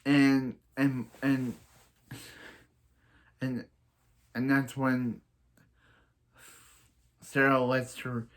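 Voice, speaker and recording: A man's voice: mid-range voice, level tone, drawn-out words, pauses often. A man casually recapping a TV episode as a reviewer, rambling through restarts and giving blunt opinions. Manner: rambling, stumbling over restarts.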